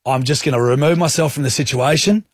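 A man's voice: medium pitch, fast, breathy edge, dry recording, studio quality. An Australian man hosting a radio show, telling a story animatedly in casual banter and acting out what he said. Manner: animated storyteller acting out his own quotes. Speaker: radio host. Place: radio studio. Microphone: studio mic.

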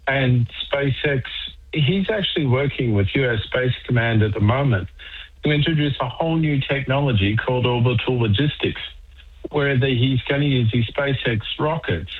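A man's voice: medium pitch, normal speed, breathy edge. Wry male caller on a phone line. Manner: wry, opinionated, dry jokes. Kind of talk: phone-in talk.

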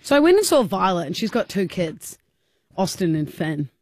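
A woman's voice: normal speed, no room sound, studio quality. A young woman co-hosting a radio show, telling a story in casual banter and laughing often as she acts out what people said. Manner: animated, acts out quotes with high squeaky voices, laughs often. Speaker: radio co-host.

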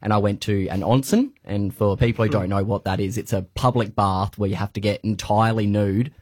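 An Australian man on a radio show tells an anecdote in a playful, animated way. His voice sits fairly low, with a slightly husky edge, and sounds dry and close on a studio mic. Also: fairly quick, dry recording. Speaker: radio producer. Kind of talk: casual radio banter storytelling.

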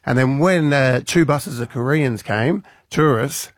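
An Australian man on a radio show, telling a story with plenty of energy and jumping into high voices for the people in it. His voice sits at a middle pitch and sounds close and dry in the studio. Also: a little slow, dry recording. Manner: animated, acts out his daughter in a high voice. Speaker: radio co-host. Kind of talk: casual storytelling chat.

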